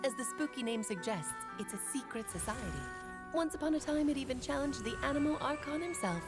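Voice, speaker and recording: A woman's voice: high voice, expressive, a little fast, loud music behind the voice. A woman voicing a playful, grand older female witch in a game, theatrical and coy. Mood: storytelling. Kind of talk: game voice acting.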